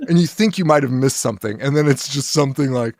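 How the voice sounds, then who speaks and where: Co-hosting a laid-back film podcast, this man talks quickly in a mid-range voice with lively intonation. He rambles, swears, and laughs a lot, and the studio-quality audio has no echo.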